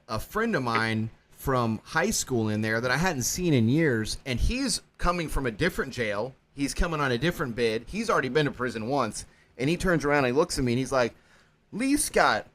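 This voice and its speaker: A man hosting a podcast, recounting his jail intake in an animated, conversational way and acting out the quotes. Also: medium pitch, a little fast. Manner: animated storytelling with acted-out quotes. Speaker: podcast host.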